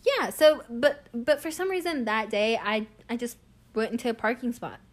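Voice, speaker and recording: A young woman, telling a long everyday story in a casual, animated way and laughing often. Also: a little high, normal speed. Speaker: vlogger.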